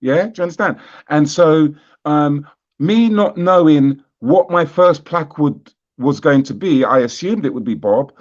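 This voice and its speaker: Male guest, British accent, laid-back storyteller, muffled lo-fi sound. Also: a little high. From Britain. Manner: relaxed and unhurried, with frequent fillers and asides. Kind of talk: casual conversational storytelling.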